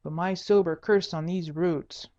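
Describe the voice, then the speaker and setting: A woman's voice: fairly low pitch, steady tone, measured pace, mellow, highs cut off, close to an everyday voice. A woman doing a whining drunken carol singer. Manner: whining, wailing.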